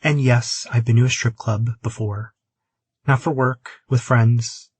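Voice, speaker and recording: A man voicing a skeptical, quick-witted young man who teases in a lifted, bantering voice. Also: mid-range voice, steady tone, a little mellow, slightly rough, dry recording, pitched above the performer's own voice. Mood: teasing.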